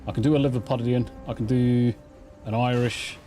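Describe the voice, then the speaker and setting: A mellow, middle-pitched English man chatting his way through a live game stream. He rambles and swears casually into a desk mic, with faint music playing in the background. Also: fairly even intonation, a little fast. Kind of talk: casual live gameplay chat. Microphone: desk mic through a mixer.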